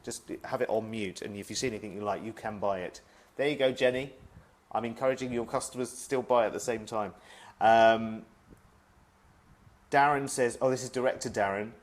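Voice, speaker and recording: A man's voice: on the low side, brisk. A middle-aged man chatting at home on a live video stream, reading out viewer messages in a friendly, self-deprecating way. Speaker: former shopping channel presenter.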